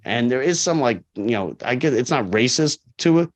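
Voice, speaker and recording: A man in his forties, a corrections officer, telling stories in a casual interview, animated and full of fillers. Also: mid-range voice, normal speed. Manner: animated, acts out quoted people, frequent fillers. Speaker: corrections officer, podcast guest. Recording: dull lo-fi podcast audio.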